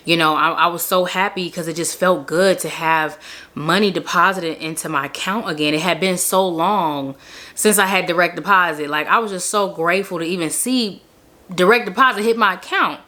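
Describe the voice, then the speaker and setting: A woman's voice: lowish voice, moderate pace, sharp tone. A young woman telling her personal faith testimony in a casual, earnest way, full of "like" fillers. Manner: chatty, many "like" fillers, earnest. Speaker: vlogger sharing a faith testimony.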